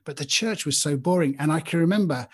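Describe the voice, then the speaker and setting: A man's voice: fairly high pitch, quick pace, husky. A man in his fifties hosting a podcast, giving an earnest, informal Christian talk and speaking straight to listeners by name. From Britain. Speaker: podcast host.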